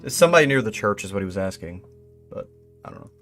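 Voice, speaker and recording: With a fairly low, sing-song voice that's a bit bright, a young man talks fast on his live stream about an online mystery. After reading reports aloud, he chats and laughs, puzzling out a code as he goes, over faint background music.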